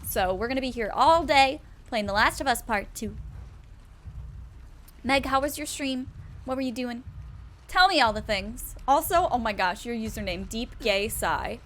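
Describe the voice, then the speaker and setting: A young woman streaming a video game, chatting directly to her viewers in a chatty, excitable way. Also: a little high, moderate pace, slight background noise. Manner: chatty, addresses chat directly; excitable, gushing. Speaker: Twitch streamer. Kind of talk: casual live-stream chat while gaming.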